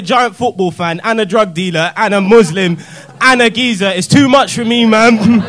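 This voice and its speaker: A young man, his speaking voice set notably high, delivers a stand-up set in a comedy club. He is deadpan and self-mocking and uses plenty of street slang. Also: moderate pace, a little hiss or hum. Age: young adult.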